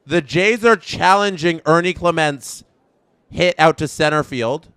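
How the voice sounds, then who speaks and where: A Canadian man hosting a live baseball watchalong, excitable and reacting loudly to each play, his voice strained and worn out. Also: on the high side, measured pace, clear, resonant tone, no echo. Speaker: watchalong host.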